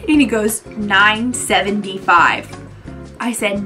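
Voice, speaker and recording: A chatty beauty vlogger from New Jersey tells stories in a casual chat, speaking a little slowly with music playing behind her. She's animated, says "like" a lot, and acts out quotes in a higher voice.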